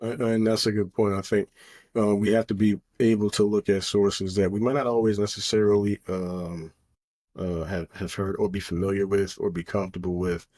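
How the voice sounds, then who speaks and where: A man with a fairly low voice co-hosts a podcast in loose, casual chat. He rambles, leaning on fillers and restarts as he works through his thoughts. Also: flat delivery, normal speed, a little mellow. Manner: rambling, heavy on fillers like "you know" and "um". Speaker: podcast co-host.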